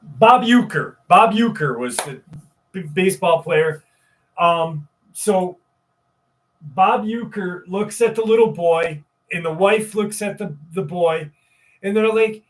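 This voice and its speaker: A man's voice: sits high, measured pace, recorded from a distance. A man hosting a live stream, rambling casually, swearing freely and greeting viewers in the chat. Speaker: livestream host.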